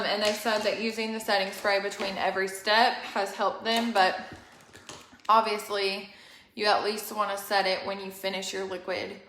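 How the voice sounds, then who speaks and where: A woman's voice: medium pitch, fairly bright tone, a little hiss or hum. A young woman hosting a casual live-stream makeup tutorial, chatty and rambling, a bit out of breath. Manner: chatty, rambling, apologetic asides. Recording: echoey room.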